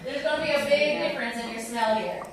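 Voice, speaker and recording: A woman's voice: high-pitched, fast. A woman tour guide leading a guided tasting, upbeat and instructive, quizzing her group as she explains. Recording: echoey room, distant mic, group chatter.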